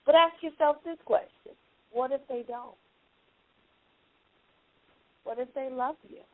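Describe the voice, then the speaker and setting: A woman's voice: high-pitched, measured pace, no room sound. A young adult woman hosting a motivational teleconference, earnest and emphatic, often repeating her key lines. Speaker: teleconference host, life coach. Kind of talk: motivational talk on a conference call. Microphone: phone. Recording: tinny phone line.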